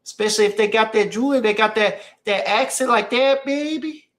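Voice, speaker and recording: A man with a high, slightly bright voice speaks a little fast while hosting a stream and reading chat. His casual storytelling is emphatic, and he often repeats phrases for effect.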